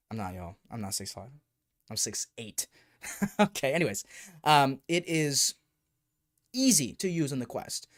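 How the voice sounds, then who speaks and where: Chatty, animated male livestreamer. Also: a little high. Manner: animated and talkative, mild swearing. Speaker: livestream host. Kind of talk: casual livestream chat answering viewers. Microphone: desk streaming microphone.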